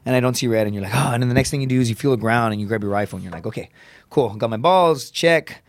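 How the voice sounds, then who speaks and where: Animated man telling a war story. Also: on the low side, very fast, dry recording. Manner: animated, swearing, acting out quoted voices. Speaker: podcast guest, comedian and Marine veteran. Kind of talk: casual storytelling in conversation.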